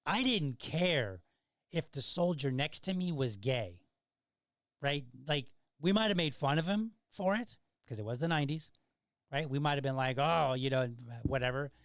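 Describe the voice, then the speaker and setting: A man's voice: on the high side, animated, moderate pace, no echo, studio quality. A middle-aged man hosting a podcast, telling stories in a casual monologue and often checking in with "right?". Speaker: podcast host.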